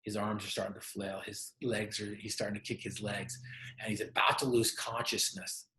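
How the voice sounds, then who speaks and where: A man's voice: lowish voice, flat delivery, normal speed, sharp tone. A man giving a motivational talk who tells a story and asks the audience questions directly. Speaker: motivational speaker. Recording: roomy echo.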